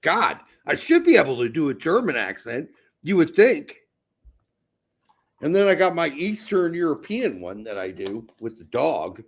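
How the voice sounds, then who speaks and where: A man co-hosting a casual soccer podcast, animated, jokey and swearing freely. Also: fairly high pitch, moderate pace, slightly rough. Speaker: podcast co-host. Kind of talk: casual sports chat.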